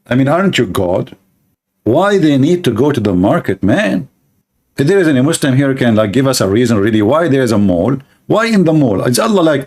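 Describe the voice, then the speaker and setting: A man's voice: medium pitch, creaky, a little mellow. A man giving mocking commentary on religious texts, sarcastic and laughing at his own jokes.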